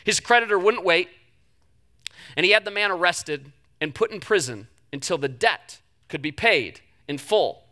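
A young man preaching a sermon, telling the story with animated delivery and acting out the quoted voices. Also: sits high, moderate pace. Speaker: pastor.

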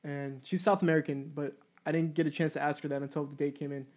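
A young man in his twenties with a voice pitched a touch high tells a story casually. He is blunt and profane, and he talks in an animated, offhand way. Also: fast. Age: 20s. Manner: candid, profane, animated anecdote.

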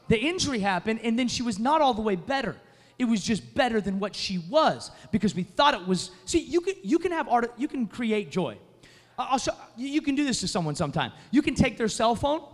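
High-voiced preacher in a reverberant hall. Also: male voice, very animated, a little fast. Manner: storytelling, building to loud emphatic preaching. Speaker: pastor. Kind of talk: sermon. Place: church sanctuary. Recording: long reverb of a large hall.

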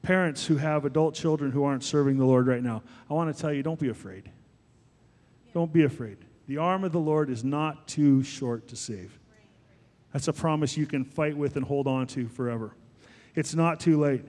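A man in his forties preaching a sermon as pastor, animated and emphatic, rising to higher peaks. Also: moderate pace. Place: church sanctuary. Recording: long hall reverb.

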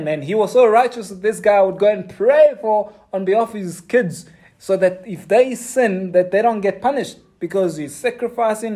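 Male pastor, earnest, halting sermon delivery, warm mellow voice. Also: on the high side. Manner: earnest, halting, with many fillers and restarts. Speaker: preacher.

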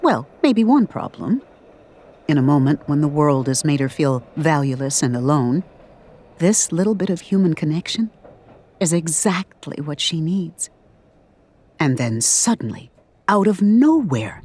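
Brief: female audiobook narrator, low register, animated intonation, measured and storytelling. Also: slight background noise.

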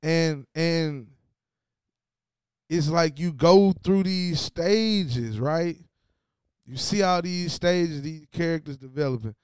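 High-voiced man giving a slow, slangy TV recap. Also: smooth, dry recording, studio quality. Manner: loose, slangy and animated, talks to viewers directly. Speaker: show host. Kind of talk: casual TV recap commentary.

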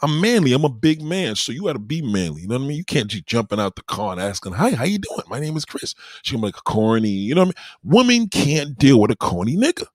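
A man talking frankly about dating, his pitch swooping up and down as he gets animated. He swears freely and uses street slang. The sound is close and dry, with no room around it. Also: quick pace, hardly any pauses, dry recording. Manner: keeps asking "you know what I mean". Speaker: vlogger giving dating advice. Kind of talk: casual monologue.

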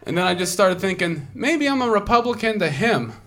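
A man performing a stand-up set, telling a story in a dry way and breaking into loud impressions. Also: high-pitched, sing-song, a little fast, very noisy. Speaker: stand-up comedian. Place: comedy club. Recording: loud crowd in a club. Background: audience laughter.

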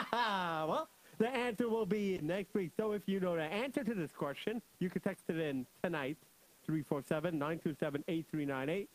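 A young man hosting a children's radio show, joking, laughing often and telling stories in an animated way. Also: high-pitched, normal speed, rough recording. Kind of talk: playful storytelling for kids.

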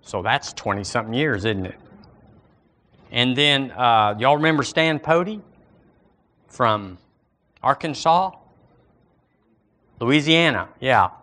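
A middle-aged pastor with a Southern drawl preaches in a loose, folksy way, talking with his congregation. When he reads scripture, his voice rises and grows emphatic. His voice sits at an ordinary middle pitch. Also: lively intonation, takes it slowly, pauses often, bright, forceful tone. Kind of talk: sermon.

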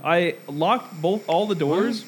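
A young man with a Californian accent, telling animated stories and swearing freely in a casual podcast chat. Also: high-pitched, takes it slowly, a little hiss or hum. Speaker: podcast co-host.

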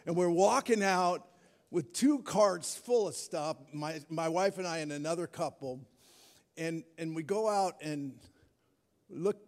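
A middle-aged man preaching a sermon as pastor, telling a story in a lively, animated way. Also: a little high, unhurried. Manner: storytelling, animated, acts out his own panic. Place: large church hall. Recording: long hall reverb.

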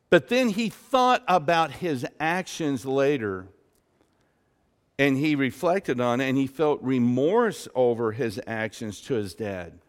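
Pastor guy preaching slow and emphatic, voice swings way up and down, long church reverb. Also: medium pitch, expressive. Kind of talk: sermon. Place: church sanctuary.

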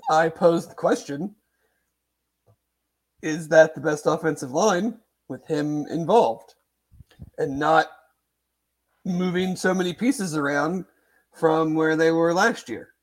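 A man's voice: on the high side, slow, long pauses. A man co-hosting a sports talk show, thinking aloud with lots of hedges, fillers and restarts. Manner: hedging, rambling, many fillers and restarts. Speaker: sports podcast co-host. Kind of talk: casual sports chat.

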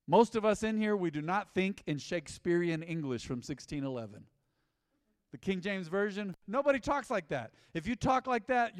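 A man's voice: high voice, no room sound, clean studio sound, big-room sound. A man preaching a sermon as pastor, emphatic, calling on the congregation to respond. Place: church sanctuary.

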